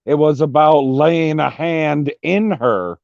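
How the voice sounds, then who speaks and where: A man's voice: fairly high pitch, slow, gravelly, a little mellow, no room sound. A man co-hosting a casual podcast chat, throwing in sarcastic wisecracks. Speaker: co-host. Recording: dull lo-fi recording.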